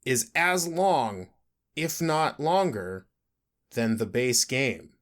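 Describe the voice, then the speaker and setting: Male podcast co-host, lively up-and-down pitch, joking and casual, swears freely. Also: slow pace. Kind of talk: casual chat.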